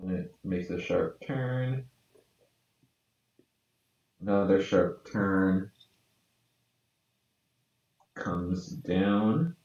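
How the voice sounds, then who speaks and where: A deep-voiced, slow-speaking man with a darkish tone co-hosts a podcast, chatting casually and muttering low-key to himself while he draws. The sound comes from an echoey room through a distant, dull mic.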